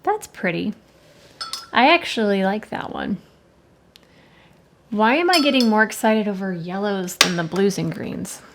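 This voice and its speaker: With lively intonation and a bit of brightness, a medium-pitched woman talks at a measured pace with long pauses. She hosts an art channel and chats casually while swatching watercolors at her desk, musing, rambling a little and correcting herself. Faint background noise and clicks are present.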